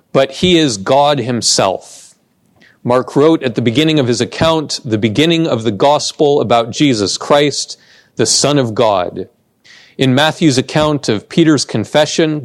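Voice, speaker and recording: A man preaching a sermon, slow and deliberate, with emphatic pauses on key words. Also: medium pitch, no echo, studio quality. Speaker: pastor.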